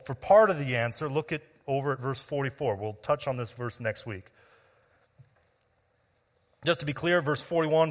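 Man preaching emphatically in a reverberant hall. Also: medium pitch. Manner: emphatic preaching with rhetorical questions, swinging between loud and quiet. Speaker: pastor. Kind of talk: sermon. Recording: long reverb of a large hall.

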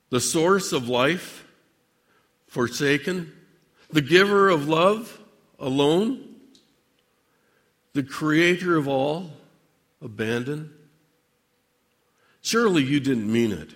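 A man preaching a dramatic sermon monologue addressed to God, with measured, theatrical delivery and long pauses. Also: on the high side, expressive, fairly bright tone, big-room sound.

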